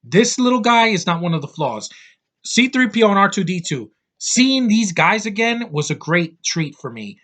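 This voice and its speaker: A man in his thirties reviews a film in a loose, ranting way. He is blunt and swears freely, wandering off on tangents and padding his talk with fillers. His voice sits a little higher than most men's. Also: sing-song, moderate pace, a bit bright. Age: 30s. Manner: blunt, profane, rambling with many fillers. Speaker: movie reviewer. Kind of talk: casual rant-style film review.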